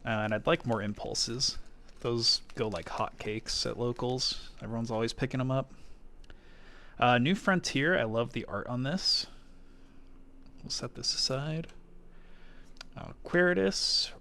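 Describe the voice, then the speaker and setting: Chatty man opening card packs on stream. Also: medium pitch. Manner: chatty, thinking aloud, quick excited exclamations. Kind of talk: casual live-stream chat.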